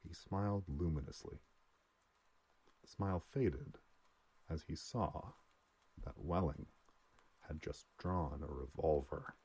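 A man narrating a story aloud in a steady, dry storytelling voice. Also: a bass voice, slow pace, gravelly, long pauses, husky. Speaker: audiobook narrator. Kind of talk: scripted narration.

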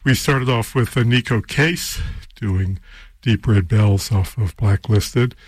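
A man's voice: fairly low pitch, slow pace, no echo. A man hosting a casual radio show, rambling and unsure of himself as he back-announces songs with self-deprecating asides.

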